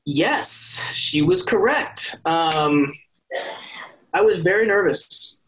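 Rambling young man, higher voice. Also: sing-song, slow pace, a bit bright, rough recording. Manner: rambling, self-correcting, laughs often. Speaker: soap opera actor, guest. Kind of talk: casual interview chat.

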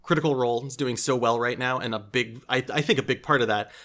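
A man's voice: mid-range voice, quick pace, fairly bright tone. A man talking casually as a podcast guest and game designer, self-deprecating and often restarting his sentences with a laugh. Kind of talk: casual interview chat.

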